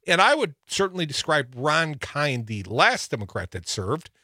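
A man's voice: a little high, big pitch swings, normal speed, sharp tone, dry recording, clean studio sound. A man from Wisconsin co-hosting a political talk radio show, running through the news with wry, teasing asides.

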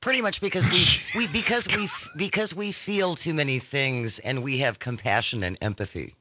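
A woman's voice: deep voice, moderate pace, bright, forceful tone, no echo. A woman co-hosting a casual chat, adding dry, wry asides. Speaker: podcast co-host.

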